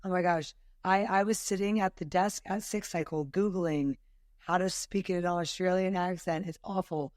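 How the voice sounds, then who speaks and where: A woman's voice: fairly low pitch, steady tone, normal speed, a little mellow, no room sound, studio quality. Chatty woman guest in an interview. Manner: chatty, self-deprecating. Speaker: studio owner guest. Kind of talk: casual interview.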